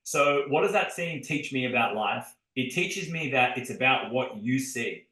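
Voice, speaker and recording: Podcast host, male, bright forceful tone, energetic storyteller, echoey room. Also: medium pitch, moderate pace. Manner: energetic storytelling, addresses listeners directly. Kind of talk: casual podcast chat. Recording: roomy echo.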